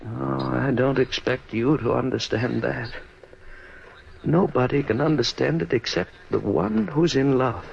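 A man's voice: mid-range voice, measured pace, gravelly. An actor playing an aging, anxious, superstitious man in an old-time radio drama, talking in an emotional, pleading way, on a dull old recording with faint hiss. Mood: tender. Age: older. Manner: emotional, pleading, easily frightened.

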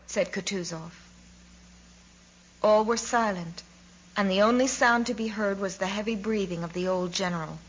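A woman narrating a classic novel in a measured, expressive reading. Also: mid-range voice, breathy edge, lo-fi sound. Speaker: audiobook narrator.

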